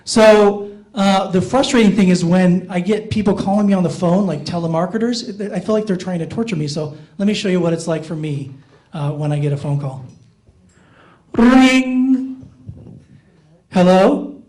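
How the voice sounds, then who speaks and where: A middle-aged stand-up comedian with a high, light, not very masculine voice performs on a playhouse stage. He talks a little fast yet mellow, mocking himself and working the crowd.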